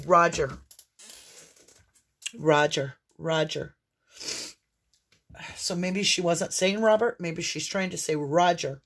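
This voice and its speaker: A woman in the middle of a tarot reading, talking straight to her viewers. Her voice sits low with a breathy, husky grain, and she speaks slowly and earnestly, full of exclamations. Coughing fits keep breaking into her talk. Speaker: tarot reader. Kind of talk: intuitive tarot reading monologue.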